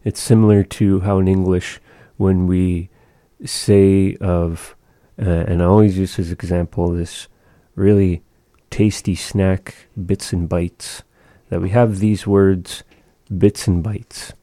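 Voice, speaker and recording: Slow, deep-voiced man teaching pronunciation. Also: flat delivery, warm tone, no room sound, clean studio sound. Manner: slow, careful, repeats and models pronunciations. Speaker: language teacher. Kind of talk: patient one-on-one language lesson.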